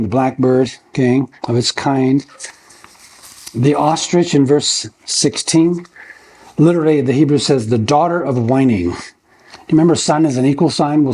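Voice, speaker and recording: A man's voice: medium pitch, darkish tone, breathy edge. An older man preaching a verse-by-verse sermon in a church. He talks in a folksy, conversational way, asks his listeners rhetorical questions, and keeps checking in with "okay?". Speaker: pastor.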